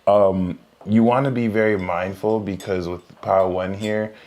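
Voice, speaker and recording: Low-voiced man reading tarot, joking. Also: steady tone, moderate pace, a little mellow. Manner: joking, laughs often, trails off mid-sentence. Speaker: podcast co-host, tarot reader. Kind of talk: casual tarot reading on a live stream.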